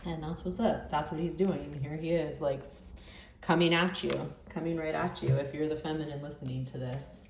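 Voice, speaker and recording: A lower-pitched woman talks through a tarot spread in a loose, chatty way, exclaiming as cards turn up. She sits back from the mic, so her voice sounds roomy and distant, with a faint hiss behind it. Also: steady tone, moderate pace, a little mellow. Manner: chatty and exclamatory, with many fillers. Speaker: tarot reader. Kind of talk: casual tarot reading. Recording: echoey room, distant mic, faint noise.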